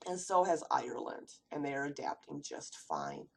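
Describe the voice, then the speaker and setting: A woman's voice: very deep voice, wildly swooping pitch, normal speed, gravelly. A woman from the United States giving a read-aloud class presentation, asking rhetorical questions as she goes. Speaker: student presenter.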